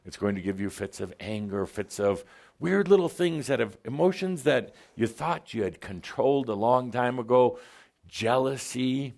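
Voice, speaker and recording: A man speaks as a channeled spiritual teacher before a gathered audience. His voice sits at an ordinary pitch, and his delivery is theatrical and teasing. He laughs often as he jokes with the listeners. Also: expressive, normal speed, creaky, a little mellow. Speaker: channeler addressing a spiritual group.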